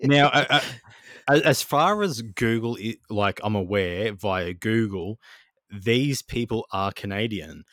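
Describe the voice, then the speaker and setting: Man, podcast host, profane banter, low pitch, dry close mic. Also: animated, measured pace, fairly bright tone, no room sound. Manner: crude, profane and joking.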